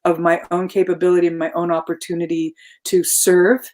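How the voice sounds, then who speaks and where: A woman guest in a casual conversation, reflective, turning animated in her quoted asides. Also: fairly low pitch, a little fast.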